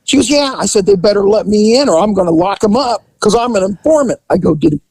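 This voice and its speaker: A man tells a story in a lively voice that swings up and down as he acts out each person in it. His delivery is casual and talkative. The sound is dry and close, with no room echo. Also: high voice, quick pace, breathy edge. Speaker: podcast host and former police officer.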